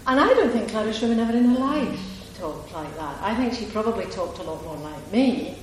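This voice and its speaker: A woman's voice: medium pitch, animated, brisk, few pauses. A woman from Scotland, an author answering audience questions in a chatty, digressive way, laughing often. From Ayrshire, Scotland. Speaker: author at a reading. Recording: echoey hall with faint noise.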